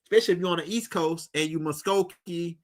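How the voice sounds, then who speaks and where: A man's voice: fairly high pitch, quick pace. A middle-aged man hosting a livestream, talking in a loose, rambling, slangy way straight to his viewers. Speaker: livestream host. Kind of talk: casual livestream talk.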